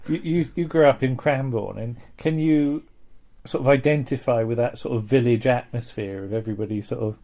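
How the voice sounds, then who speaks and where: Guy hosting a chatty tv podcast, mellow low-key voice, lots of um and restarts. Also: brisk. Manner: hesitant, many restarts, asks questions. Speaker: podcast co-host. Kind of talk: casual chat about classic TV.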